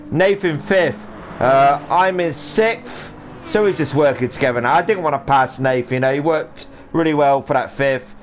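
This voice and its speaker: A man giving rambling, jokey live commentary on a sim race he is also driving in, with a faint hum of game sound behind him. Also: fairly high pitch. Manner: rambling, jokey, does silly voices for drivers.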